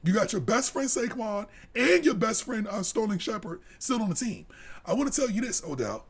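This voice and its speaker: A man tears into a sports rant on a live podcast, his voice leaping from low grumbles up to shouts. The tone is husky and sits a touch high. Profane and heated the whole way through. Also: very animated, moderate pace. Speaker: podcast co-host.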